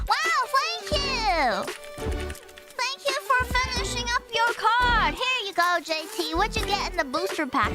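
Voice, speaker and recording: A young Canadian woman chats drowsily with her stream audience, giggling and cursing. Her voice sits very high and bright. Loud music plays right beneath her. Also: big pitch swings, unhurried. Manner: sleepy, giggly and swearing, reading chat aloud. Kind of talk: casual live-stream chat. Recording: loud music playing underneath. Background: loud background music.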